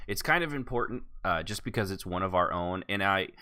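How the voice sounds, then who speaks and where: A man hosts a relaxed podcast conversation, rambling and poking fun at himself when he loses track. His voice sits low but moves around with plenty of animation. He has a bright, clear tone. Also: fairly quick. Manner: rambling, self-deprecating, loses his place. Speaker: podcast host. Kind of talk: casual podcast chat.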